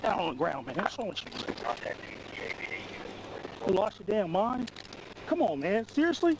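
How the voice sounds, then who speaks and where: A male state trooper, shouting repeated forceful commands at a traffic stop. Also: high-pitched, sing-song, measured pace. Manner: forceful, repetitive barked orders. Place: outdoors at a roadside traffic stop. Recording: noisy roadside police camera audio.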